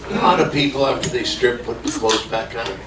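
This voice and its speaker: A man hosting a live comedy show, introducing acts and heckling them with loud banter, on a comedy club stage. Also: medium pitch, expressive, a little fast. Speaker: emcee. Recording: echoey club, far mic, loud noise.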